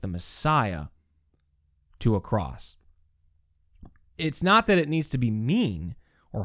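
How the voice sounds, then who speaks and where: In a clean, dry studio recording, a man with a fairly high pitch hosts a podcast. His scripture teaching is earnest, animated and conversational, marked by frequent sentence restarts and check-ins of "right?"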